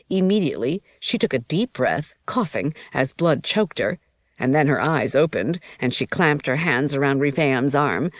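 A woman reading a first-person story as audiobook narration in an even, measured way. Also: deep voice, dry recording.

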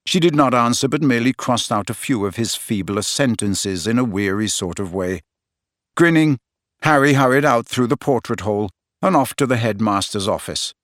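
A man narrating a story in a steady, expressive reading voice on a close microphone. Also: medium pitch, moderate pace, no room sound. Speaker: audiobook narrator. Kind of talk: scripted narration.

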